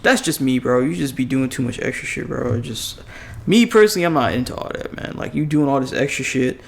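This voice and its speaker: A man's voice: mid-range voice, animated, fairly quick, vocal fry. Blunt, profane male podcast co-host. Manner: blunt, profane, rambling opinions. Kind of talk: casual podcast chat.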